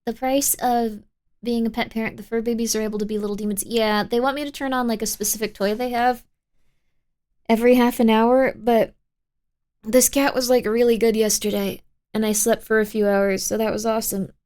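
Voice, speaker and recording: A young woman with a slightly high voice talks casually to her stream from a home setup. She rambles in a bubbly way, leaning on "like" and little fillers as she answers chat and thanks viewers. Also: little pitch movement, brisk, darkish tone. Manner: bubbly and rambling, filler-heavy with frequent 'like'. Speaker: livestream host.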